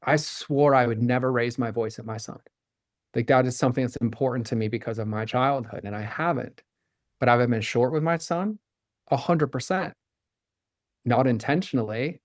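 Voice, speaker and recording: A man's voice: medium pitch, no echo. Earnest man talking in a dry room. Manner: earnest, fast-flowing, filler-heavy with "like" and "right?"; acts out quoted dialogue with his son. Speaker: podcast guest. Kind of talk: candid interview talk.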